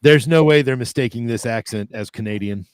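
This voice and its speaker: A man with a Midwestern American accent, a travel agent co-hosting a roundtable and chatting in a joking, animated way. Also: mid-range voice, fairly quick, clear, resonant tone, dry recording. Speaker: podcast co-host, travel agent. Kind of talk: casual roundtable chat.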